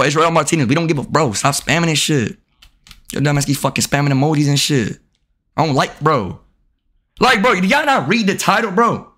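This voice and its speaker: Trash-talking male game streamer, very animated. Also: on the high side. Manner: profane trash-talking, yelling outbursts at the game and chat. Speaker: video game live streamer. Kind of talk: casual live-stream commentary while gaming.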